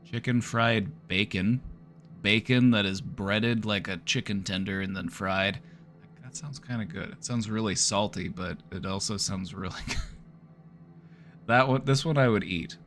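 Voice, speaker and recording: A man's voice: lowish voice, a little slow, fairly bright tone, soft background music. A man streaming live, giving casual joking commentary with wry running reactions. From United States.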